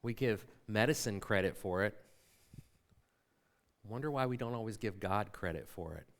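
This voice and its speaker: Pria pastor berkhotbah santai dengan banyak pertanyaan. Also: male voice, medium pitch. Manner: conversational preaching with rhetorical questions. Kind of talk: sermon. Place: church sanctuary.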